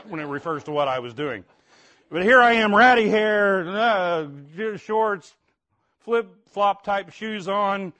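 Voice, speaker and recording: A middle-aged man preaching, telling a story in an animated way with sudden shouts and frequent restarts. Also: high-pitched. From Indiana. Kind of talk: sermon storytelling.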